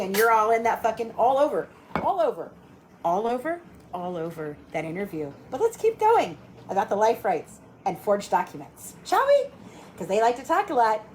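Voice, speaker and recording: A woman hosts a livestream from her home kitchen, ranting with a steady stream of cursing and jumping between topics as she moves around. Her voice sits fairly high, and a faint room hum runs underneath. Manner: profane, ranting, scattered, talks to viewers. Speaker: livestream host. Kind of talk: casual livestream rant.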